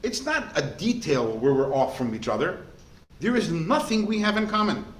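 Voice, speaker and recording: Animated male rabbi teaching a class. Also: on the high side, normal speed. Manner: animated, asks the class rhetorical questions. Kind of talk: lively lesson to a class. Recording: echoey room with faint noise.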